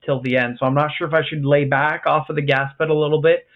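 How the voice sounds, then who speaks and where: Guy on a tinny phone-ish line, pretty monotone, joking about himself. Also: fairly high pitch, quick pace. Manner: frank, self-deprecating. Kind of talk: casual podcast talk. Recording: tinny phone-like call audio.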